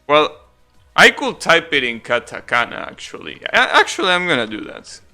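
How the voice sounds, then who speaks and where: A man's voice: a little high, huge pitch swings, moderate pace, bright, forceful tone, soft background music. A young man live-streaming a game, chatting casually with viewers in a rambling, self-correcting way, swearing now and then.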